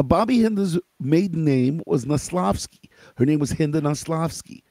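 A man's voice: fairly high pitch, gravelly, a little mellow, dry recording. A middle-aged man hosting a live show, telling a family story in a conversational way and asking his listeners questions. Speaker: host.

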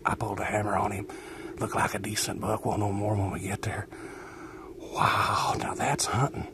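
A man giving hushed, excited, folksy commentary from a deer stand outdoors on a farm. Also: on the low side, normal speed. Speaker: hunting show host. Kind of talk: excited in-the-field hunting commentary. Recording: outdoor field recording with steady background noise.

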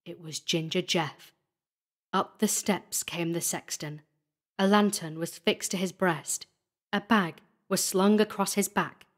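Slow, deliberate woman narrating horror. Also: lowish voice. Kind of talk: scripted horror story narration.

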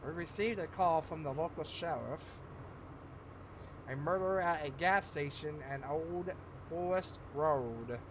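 A man's voice: a little high, measured pace, background noise, natural voice. A man putting on a stiff, dramatic voice for a male FBI agent's game narration. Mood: grave.

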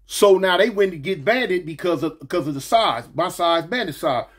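A man's voice: high-pitched, animated, normal speed. A middle-aged man with a lisp, telling a story from his past in casual, slangy speech with many fillers and restarts.

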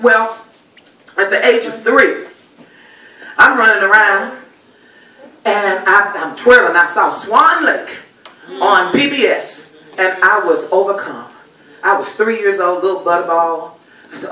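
A middle-aged woman giving a personal speech at a dinner event, an animated, folksy storyteller. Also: medium pitch, a little slow. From Texas. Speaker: guest speaker at a dinner event. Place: banquet hall. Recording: echoey hall, voice from far off.

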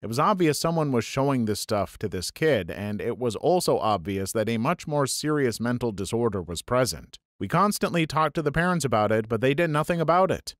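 A man's voice: mid-range voice, lively intonation, a little fast, hardly any pauses, dry recording, studio quality. A man narrating reader-submitted stories in a scripted storytelling tone, reading first-person anecdotes aloud.

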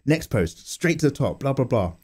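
Animated, mellow-voiced man. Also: mid-range voice, normal speed, husky. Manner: animated and self-mocking, swearing and laughing. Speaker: art YouTuber. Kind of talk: casual chat while drawing. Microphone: condenser microphone.

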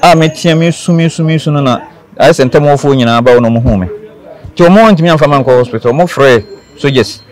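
A man's voice: fairly high pitch, quick pace. A man from Ghana, a guest in an interview, earnestly telling his own story and repeating key phrases for emphasis.

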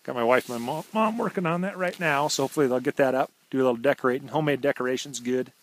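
A man hosting a rambling walk-around video diary, talking in a laid-back, slangy, deadpan way with plenty of fillers, recorded outdoors in snowy woods on a handheld camera. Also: mid-range voice, very fast. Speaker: vlog host.

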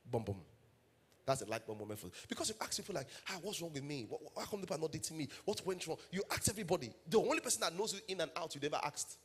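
A man's voice: a little high, animated, rapid-fire, husky. A man with a Nigerian English accent preaching a sermon as pastor, telling stories and building to emphatic calls to the congregation.

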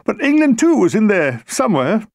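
Man, memoir reading, dry comic delivery, high voice, close dry sound. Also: big pitch swings, moderate pace, creaky, no room sound. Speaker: author reading his memoir. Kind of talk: audiobook narration.

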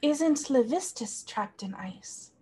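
A woman's voice: high voice, expressive, slow pace, warm tone, husky. A woman playing a tabletop game, dry and matter-of-fact in manner. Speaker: player.

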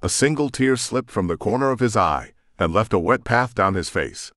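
Deep guy reading an audiobook, dry close mic, tense and emotional. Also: animated, normal speed, a bit bright, dry recording. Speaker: audiobook narrator. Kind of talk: scripted first-person audiobook narration.

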